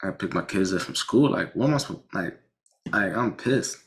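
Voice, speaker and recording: A man casually telling a personal story about a car accident, animated, with frequent restarts and blunt swearing. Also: sits low, moderate pace.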